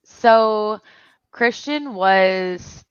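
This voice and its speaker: A woman's voice: mid-range voice, very slow, smooth, dry recording, dull audio. A woman in her forties from Michigan, hosting a casual chat and telling stories, laughing often as she talks. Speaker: channel host.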